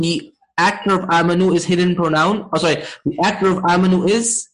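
Man, high voice, classroom grammar lesson, patient step-by-step explanations, quick recitation, frequent check-ins. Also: a bit bright, low-quality recording. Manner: recites Arabic verses quickly. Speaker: Arabic grammar teacher.

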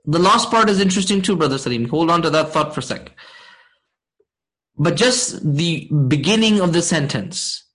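A man teaching a class, explaining slowly and checking in with his students often. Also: on the high side, lively intonation, a bit bright, low-quality recording. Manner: slow, deliberate explaining. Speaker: Arabic grammar teacher.

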